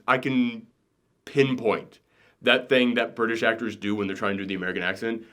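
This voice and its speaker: A man hosting a casual review chat, animated and ranting, swearing and laughing as he goes. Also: medium pitch. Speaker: podcast co-host reviewing a TV show.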